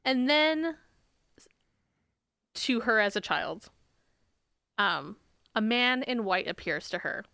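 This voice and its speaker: Young woman, chatty podcast co-host, fairly high voice, dry sound. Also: sing-song, slow pace, gravelly, long pauses, pushed and bright, no room sound. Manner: chatty, many fillers, laughs often. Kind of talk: casual chat retelling a book.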